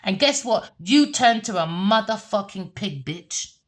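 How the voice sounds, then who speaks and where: A woman's voice: medium pitch, lively intonation, a little slow, background noise. A woman giving a heated, repetitive tarot reading rant, cursing and scolding. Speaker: tarot reader.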